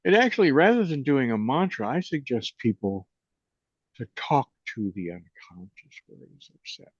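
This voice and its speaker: A man in his eighties, co-hosting a reflective chat on consciousness and guiding a meditation, unhurried and gentle, often trailing off softly. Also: medium pitch, big pitch swings, breathy edge, no echo. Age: 80s. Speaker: co-host, meditation and consciousness teacher. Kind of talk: reflective conversation and guided meditation. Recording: dull lo-fi sound.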